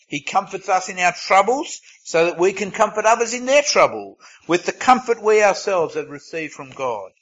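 A man's voice: sits high, a bit bright, rough recording. A man preaching a sermon in a conversational way, reading scripture and adding casual asides. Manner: conversational, reads scripture aloud, self-aware asides.

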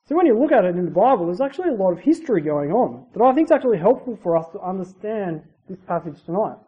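A preacher giving a conversational sermon, using asides and rhetorical tag questions and swinging between loud emphasis and quiet, dropped phrase endings. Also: medium pitch, big pitch swings, fast talker, husky. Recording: dull lo-fi recording with faint hiss.

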